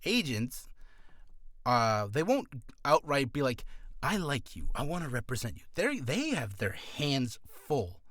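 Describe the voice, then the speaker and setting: A man's voice: mid-range voice, fairly bright tone, no room sound, studio quality. A man who is a voice actor, giving casual advice in a rambling, self-deprecating, jokey vlog.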